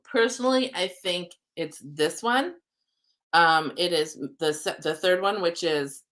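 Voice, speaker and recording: A woman's voice: on the low side, a little slow, fairly bright tone. A woman who works as an oracle card reader and soul coach, hosting a live-streamed card reading. She talks in an upbeat, rambling way with plenty of ums and spiritual language. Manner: chatty, rambling, frequent ums.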